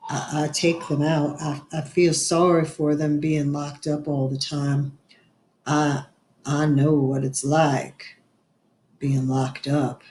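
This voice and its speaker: A woman's voice: sits low, level tone, echoey room, a little hiss or hum, pitched below the performer's own voice. Woman putting on a shy stammering grown man. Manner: halting, stammering, slow and soft. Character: shy, quiet grown man, shop keeper.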